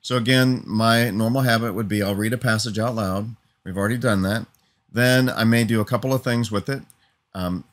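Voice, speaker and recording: A man preaching an earnest teaching sermon, building emphatic lists and often asking "Amen?" for assent. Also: lowish voice.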